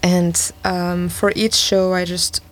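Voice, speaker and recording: A woman hosting a radio show, chatting in a slow, thoughtful, hesitant way. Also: fairly low pitch, flat delivery, poor audio. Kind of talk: casual chat.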